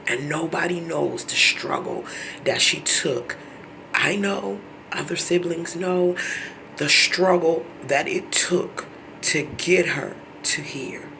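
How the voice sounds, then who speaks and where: Gravelly, bright-toned man pleading to camera. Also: a little high, slow, a little hiss or hum. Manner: preachy and pleading, drops to hushed near-whispers; repeats words and stumbles when emotional. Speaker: vlogger. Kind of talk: impassioned monologue to camera.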